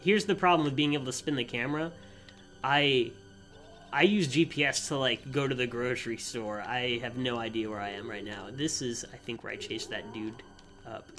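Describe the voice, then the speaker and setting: A man's voice: medium pitch, fairly bright tone. Chatty man commenting on gameplay. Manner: chatty, amused, thinking aloud. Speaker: streamer.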